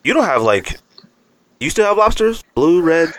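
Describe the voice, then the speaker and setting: Lively-voiced man hosting a casual chat. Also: on the high side, no room sound. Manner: asks quick questions and shares his own opinions.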